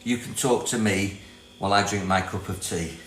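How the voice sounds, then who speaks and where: A man's voice: low-pitched, moderate pace, a bit bright, faint music behind. An older man from Britain hosting a casual self-help livestream, chatty and rambling, reading viewer comments aloud and laughing often. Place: property in Thailand. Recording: echoey room with mains hum.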